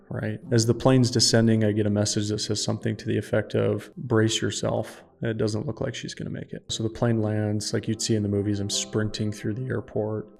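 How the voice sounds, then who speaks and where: A man's voice: fairly low pitch, gravelly, a little mellow. A man in his thirties, a podcast guest and founder, telling a personal story in an earnest, emphatic way.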